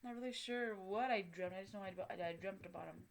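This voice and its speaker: An older woman telling a personal story in a casual vlog, soft-spoken and profane, with many fillers. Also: mid-range voice, brisk, vocal fry. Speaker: vlogger.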